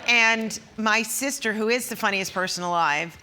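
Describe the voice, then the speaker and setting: A middle-aged woman, a guest comedian, chatting on a talk show and acting out the people in her stories. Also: moderate pace. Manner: animated storyteller, acts out quotes with big pitch jumps. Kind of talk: casual talk show chat. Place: television studio with audience.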